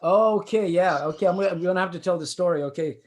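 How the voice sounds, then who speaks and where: Rambling older man telling road stories. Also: high-pitched. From East Los Angeles. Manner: rambling, halting, with many restarts and fillers. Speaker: musician guest. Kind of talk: casual chat, storytelling.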